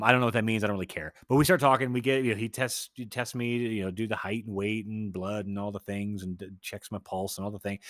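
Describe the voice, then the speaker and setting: Casual male storyteller, profane and excitable, quick delivery, dry close sound. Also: fairly low pitch, no echo. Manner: profane, excitable, self-interrupting rambling.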